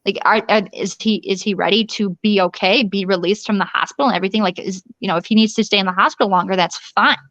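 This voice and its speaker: A woman interview guest telling a personal ordeal in a rushed, urgent way, often restarting sentences and acting out quoted dialogue. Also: medium pitch, fairly bright tone, no echo. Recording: dull lo-fi dry recording.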